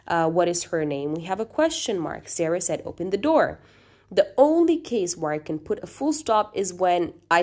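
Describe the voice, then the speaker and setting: Teaching grammar in a recorded lesson, a woman speaks in a fairly low, slightly mellow voice. She's patient in explaining, checks in with the class often, and acts out quoted sentences with a lifted voice.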